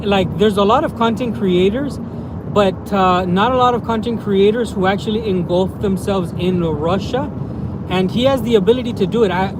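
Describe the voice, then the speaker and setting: A man livestreaming on his phone as he walks around town outdoors, chatting casually and excitably, rambling with lots of fillers. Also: sits high, background noise. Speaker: vlogger livestreaming. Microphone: handheld phone livestream.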